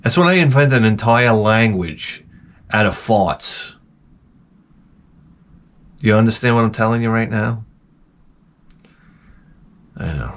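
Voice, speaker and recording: A middle-aged host from Long Island, New York, with a voice on the low side, rants through a rambling comic monologue at a moderate pace, broken by long pauses. He's profane and animated, restarting his stories many times.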